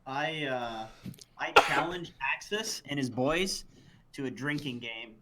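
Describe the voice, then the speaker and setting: A man at a tabletop game speaks slowly and deliberately. Clear clicking noise runs behind his voice. His pitch sits in the middle of the male range. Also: lively intonation. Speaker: player. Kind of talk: casual chat at a tabletop game.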